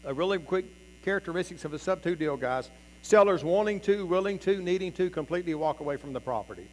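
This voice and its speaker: A man's voice: high-pitched, animated, fast. A man teaching a live seminar room, emphatic and constantly addressing the audience as "guys". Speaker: real estate seminar presenter. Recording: reverberant hall, faint mains hum.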